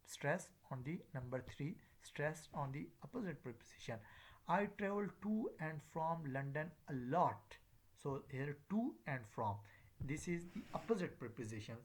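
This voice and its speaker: In a recorded lecture, a man with a mid-range voice teaches English pronunciation. He's hesitant, pausing often with "uh" fillers, and drills example words repeatedly.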